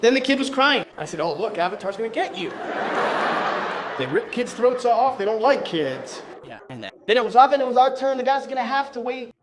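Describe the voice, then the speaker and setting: A man from Brazil telling a stand-up comedy story on stage, animated and bursting into shouted exclamations. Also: extremely high pitch, fairly quick, a crowd in the background.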